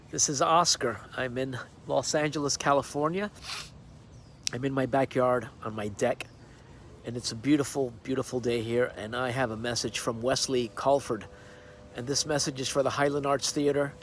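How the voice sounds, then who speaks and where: A man's voice: mid-range voice, steady tone, moderate pace, slight background noise. A man recording a casual video greeting outdoors on his backyard deck, friendly and hesitant, with many fillers. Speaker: celebrity well-wisher sending a video message.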